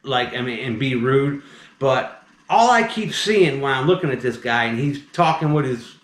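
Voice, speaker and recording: A man's voice: mid-range voice, moderate pace. Chatty Southern man telling a story. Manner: animated, chatty, keeps saying "right?" and "mind you". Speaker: snake removal operator. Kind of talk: casual storytelling. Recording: roomy echo.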